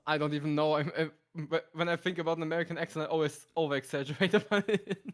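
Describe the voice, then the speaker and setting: A man's voice: fairly high pitch, fairly even intonation, quick pace. A man from Germany, a guest in a casual chat, talking hesitantly with stammers and restarts. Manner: hesitant, self-conscious, stammers.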